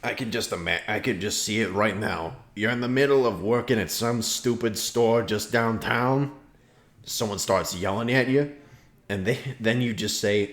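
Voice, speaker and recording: A man running a tabletop role-playing game over a voice call, telling the story in a lively way with dry, teasing humor. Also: fairly low pitch, moderate pace. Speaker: game master. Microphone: voice call microphone.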